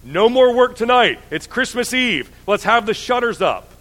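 A man voicing a jovial, stout old male merchant in a rich, booming voice during a church talk. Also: very animated, moderate pace, a bit bright, big-room sound, full character voice. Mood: jovial, hearty.

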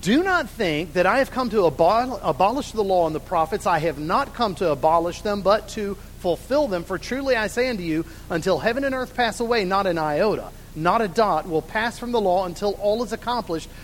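A man's voice: sits high, lively intonation, a little fast, hardly any pauses, long reverb tail, a little hiss or hum, rough recording. A man teaching a Bible lesson, asking his class questions and then answering them himself.

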